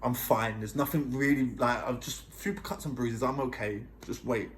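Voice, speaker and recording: A man quoting his young ex-girlfriend in a soft, subdued voice as he tells his story. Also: medium pitch, moderate pace, slight background noise, lightly acted. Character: young woman, upset, quietly apologetic ex-girlfriend.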